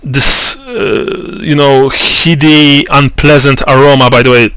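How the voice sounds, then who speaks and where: A man narrating a tabletop role-playing game as game master, slow and halting with many fillers and restarts. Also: mid-range voice, fairly even intonation, fairly bright tone, clear, resonant tone, dry recording.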